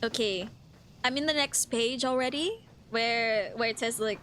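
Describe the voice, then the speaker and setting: A woman's voice: on the high side, a little slow, fairly bright tone, slight background noise. A woman from the Philippines streaming a game, reading the story aloud in a put-on British accent and giggling often.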